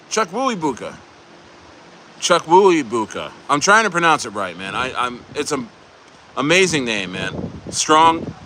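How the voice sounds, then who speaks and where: A man's voice: medium pitch, pushed and bright, a little hiss or hum. A man hosting a casual crypto livestream, bantering and joking loosely with viewers in the chat. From United States.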